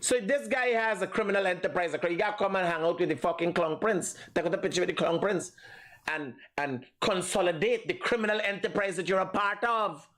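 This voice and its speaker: A man's voice: high voice, a little fast, a bit bright. A man with a Guyanese accent hosting a casual live show, mocking and laughing as he talks, with frequent swearing. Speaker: show host.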